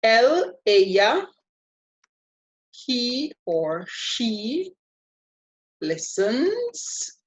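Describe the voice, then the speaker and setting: Slow, patient woman teaching a language. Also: fairly high pitch, sing-song. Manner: patient and playful, spells out each step. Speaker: Spanish teacher. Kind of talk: slow, deliberate language lesson.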